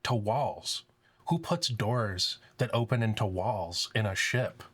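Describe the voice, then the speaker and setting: A man voicing a frightened, self-doubting young woman who speaks in halting, anxious phrases in a tabletop game. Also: fairly low pitch, animated, a bit bright, slightly rough, exaggerated voice. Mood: uneasy.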